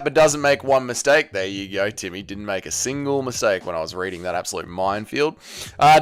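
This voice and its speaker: A man's voice: mid-range voice, fairly bright tone. A young man hosting a casual livestream, reading viewer messages aloud and answering them with crude, joking banter. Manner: crude, joking, swears a lot. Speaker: livestream host.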